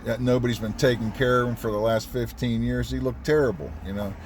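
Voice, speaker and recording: A man's voice: medium pitch, steady tone, fairly quick, slight background noise. A man telling a casual anecdote about his days as a cab driver and dispatcher, conversational and profane, acting out the dialogue.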